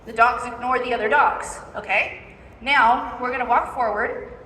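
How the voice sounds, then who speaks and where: A woman's voice: a little high, normal speed, sharp tone, a little hiss or hum. A woman dog trainer giving a live demonstration, coaching handlers step by step and checking in with a repeated "okay?". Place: large indoor expo hall. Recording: echoey hall from far off.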